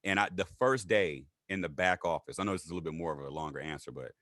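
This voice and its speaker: A man telling his story in a casual interview, animated and acting out what others said in raised voices. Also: fast talker, no echo, clean studio sound. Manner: animated, acts out quotes in high voices. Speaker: guest.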